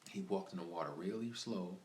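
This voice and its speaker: A man with a very deep voice tells a story to his stream in a loose, rambling way, circling back over the same points. His voice rings around a bare room with plenty of echo, and a faint hum sits underneath. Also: a little fast, darkish tone. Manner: rambling, repeats himself, lots of "like" and "man". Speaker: live streamer. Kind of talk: casual storytelling to stream viewers. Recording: echoey room with faint ambient noise.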